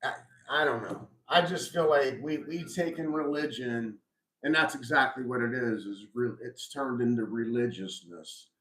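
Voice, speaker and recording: A man's voice: medium pitch, normal speed, fairly bright tone. A middle-aged man hosting a casual live chat, reflective and rambling with frequent restarts. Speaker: host. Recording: roomy echo.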